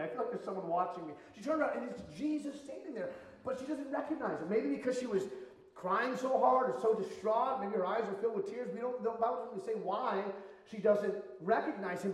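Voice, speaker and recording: A male pastor preaching a sermon in a casual, conversational way, moving between hushed and emphatic passages. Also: very high-pitched. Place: church sanctuary. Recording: echoey church hall, mic at a distance.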